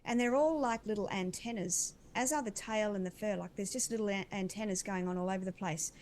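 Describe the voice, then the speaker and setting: A woman's voice: medium pitch, brisk, a little mellow, a little hiss or hum. A woman acting as an animal communicator, describing intuitive visions in an earnest, dreamy, winding way.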